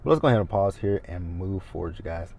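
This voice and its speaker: A man's voice: low voice, lively intonation, quick pace, vocal fry, darkish tone. A man in his thirties recapping a TV episode in a casual, blunt and opinionated way. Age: 30s. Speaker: TV recap host.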